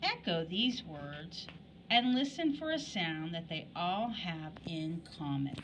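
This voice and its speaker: A woman leads a phonics lesson for young children at an unhurried pace, drawing out each word so it can be heard clearly. Her pitch rises and falls in a lively, sing-song way as she questions her listeners. She sounds a little distant from the microphone, with faint background noise. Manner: exaggerated word pronunciation, patient questions to young students. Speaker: elementary school teacher.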